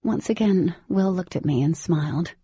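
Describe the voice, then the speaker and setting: Low, husky woman narrating a novel. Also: normal speed, dark tone, dry recording, muffled recording. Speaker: audiobook narrator. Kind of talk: scripted first-person narration.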